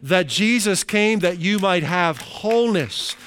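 A middle-aged man preaching a sermon as pastor, slowing down to stress key phrases and dropping into conversational asides. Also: sits high, animated, a bit bright, faint music behind. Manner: slows down for emphasis, conversational asides.

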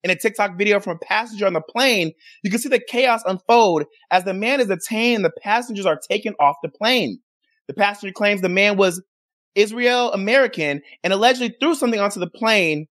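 A young man with a high, light voice hosts his own show and chats through a news story. His talk is loose and rambling, and he often stops to restart a sentence. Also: a bit bright. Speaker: show host. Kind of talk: casual news commentary.

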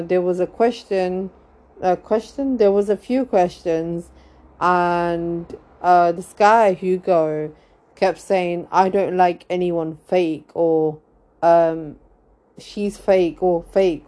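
Slow, mellow-voiced young woman chatting. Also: on the low side. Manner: rambling, laughs often, many fillers. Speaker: podcast host. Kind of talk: casual gossip chat.

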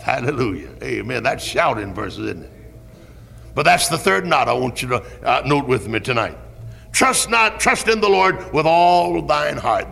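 A pastor preaching a sermon, dropping to hushed tones and rising to shouted peaks, in a 1970s church recording. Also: male voice, fairly high pitch, vocal fry, in a large hall. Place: church sanctuary.

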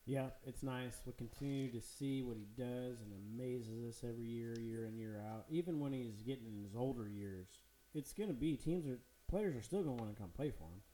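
A man with a mellow, relaxed voice talks football on a podcast, casual and animated, cursing freely and laughing along. The sound bounces around an echoey room. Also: medium pitch, a little fast, slight background noise. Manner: animated, swearing, laughing often. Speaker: podcast co-host. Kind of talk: casual sports chat.

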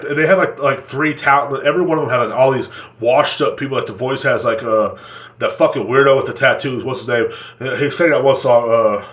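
Man, podcast host, crude rambling rant, mid-pitched voice, echoey room. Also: a bit bright. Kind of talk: comedic rant.

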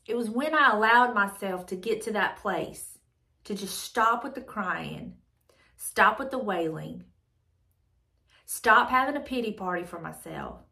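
A woman's voice: mid-range voice, pushed and bright. A woman with a mid-range voice reads from a devotional book and reflects on it aloud. She talks earnestly, circling back over her phrases as she works out her thoughts. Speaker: devotional channel host.

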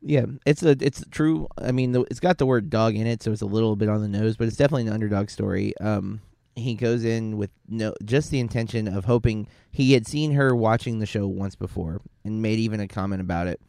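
A man's voice: fairly low pitch, fairly quick, gravelly, mellow, dry recording, studio quality. A man co-hosting a podcast, talking through a film in a casual, rambling way, often correcting himself and using fillers. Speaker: podcast co-host.

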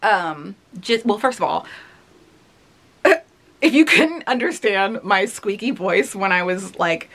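A woman of about thirty chats casually while reacting to her own past recording. She is open and rambling, full of fillers, and her voice sits at an ordinary middle pitch. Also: expressive, takes it slowly, fairly bright tone. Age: 30s. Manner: candid, rambling, many "like"s and laughs. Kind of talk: casual reflective commentary.

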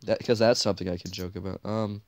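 A man's voice: low-pitched, fairly even intonation, fast, no room sound. A teenage boy co-hosting a podcast in casual chat, rambling and cracking crude jokes. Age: teens. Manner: jokey, rambling, crude humor. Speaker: podcast co-host.

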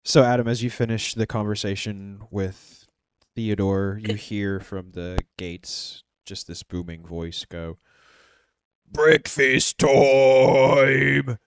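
A man narrating as game master of a tabletop role-playing game, in a relaxed, loose storytelling way. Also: on the low side, measured pace, clean tone, dry recording, clean studio sound.

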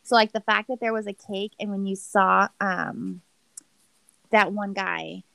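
A woman's voice: mid-range voice, fairly even intonation, measured pace, vocal fry, bright, forceful tone, no room sound. A woman in casual chat, recapping a reality show with a gossipy, chatty manner full of "like.". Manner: chatty, gossipy, heavy use of "like".

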